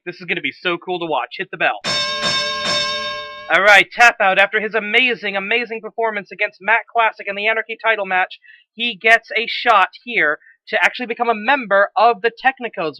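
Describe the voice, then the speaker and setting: Excitable male wrestling commentator. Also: high-pitched, no room sound, muffled recording. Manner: excitable, self-correcting, swears at slips. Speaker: play-by-play commentator.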